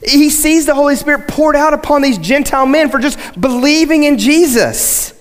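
A man's voice: very high-pitched, moderate pace. A male pastor giving a sermon, talking conversationally to the congregation and building to emphatic points. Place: church sanctuary. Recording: long hall reverb.

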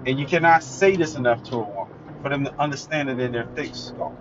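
A man's voice: mid-range voice, fast talker. A man giving a blunt, emphatic, opinionated solo monologue as a commentator. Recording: dull lo-fi recording with faint music.

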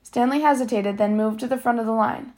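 A woman reading a novel aloud, steady, sometimes stumbling and correcting herself. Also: fairly high pitch, a little fast. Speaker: reader.

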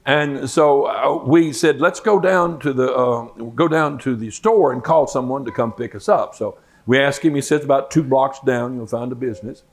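Older male preacher, folksy storyteller, mid-pitched, acts out the voices in his story. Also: normal speed, few pauses. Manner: folksy, animated storyteller acting out quotes. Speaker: Bible teacher. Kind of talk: sermon storytelling.

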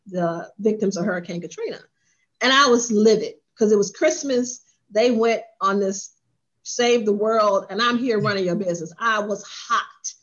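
Animated woman telling her story, lo-fi. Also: mid-range voice. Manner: animated, acts out quoted voices. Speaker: spa owner and business coach. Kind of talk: storytelling in an interview.

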